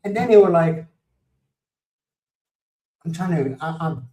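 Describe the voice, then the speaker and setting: A man's voice: fairly high pitch, expressive, slow, mellow, distant mic. American guy rambling on a livestream, laughs a lot, sits back from the mic in a roomy echo. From United States. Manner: rambling storytelling, greets viewers by name, laughs often. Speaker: livestream host. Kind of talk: casual chat.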